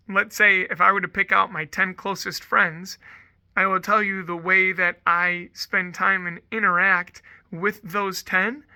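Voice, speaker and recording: A man's voice: high voice, vocal fry, bright, forceful tone, no echo. A man, a Catholic priest, giving a conversational homily full of storytelling and frequent asides of "right?". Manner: chatty storytelling, often asks "right?".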